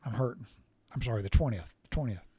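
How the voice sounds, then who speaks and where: A man's voice: mid-range voice, fast, warm tone, husky, no echo. A middle-aged man, casually telling a rambling, profane story while sore from recent surgery. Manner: folksy, profane, rambling with restarts. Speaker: podcast storyteller.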